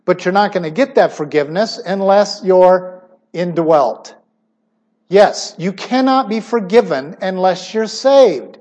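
A middle-aged man preaching a sermon emphatically, his voice swinging suddenly between loud stressed words and quiet asides. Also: high-pitched, expressive, unhurried, highs cut off.

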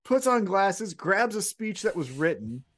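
A man co-hosting a casual podcast, recapping wrestling and acting out quotes in a higher voice. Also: measured pace. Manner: animated storytelling, acts out quotes in higher voice. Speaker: podcast co-host.

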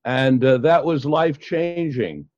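An older man, a psychologist guest, recounting his past in an interview with many pauses and fillers. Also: mid-range voice, expressive, darkish tone, no room sound. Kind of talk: storytelling in an interview. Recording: dull, dry lo-fi sound.

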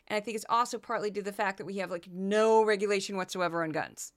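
A woman's voice: medium pitch, quick pace. A woman from the American Midwest hosting a commentary podcast, talking in a sarcastic, mocking way. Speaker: podcast host.

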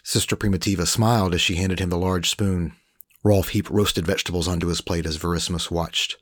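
A man narrating a scripted story in a measured, even reading. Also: low-pitched, no echo, clean studio sound.

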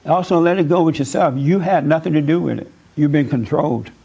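A man's voice: a little high, a little fast, vocal fry, warm tone, slightly rough, highs cut off. A man giving spiritual counseling in an emphatic, preachy way, repeating words for stress.

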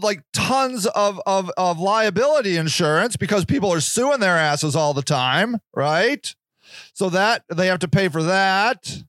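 A man's voice: sits high, a bit bright, dry recording, clean studio sound. A man talking in a casual podcast monologue, profane and sarcastic as he rants. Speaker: podcast host.

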